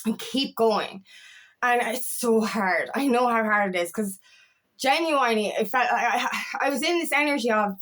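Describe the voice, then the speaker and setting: Emphatic, candid woman coach with a higher voice. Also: animated, moderate pace, fairly bright tone. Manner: candid and emphatic, swears, many restarts. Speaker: feminine empowerment coach. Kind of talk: casual monologue.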